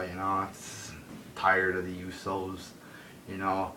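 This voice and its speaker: Man, deep voice, profane rambling rant, far from phone mic, roomy echo, faint rumble. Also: completely flat delivery, slow, pushed and bright. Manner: profane, rambling, heated, heavy fillers. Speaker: wrestling show reviewer. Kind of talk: ranting solo review.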